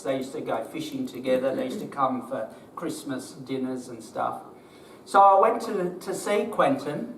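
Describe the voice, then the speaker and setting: A man's voice: mid-range voice, a bit bright, a little hiss or hum. An older man with an Australian accent, a business owner telling a group his story in a plain-spoken, emotional way, with rhetorical questions. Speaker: business owner giving a talk. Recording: roomy, distant mic, faint background ambience.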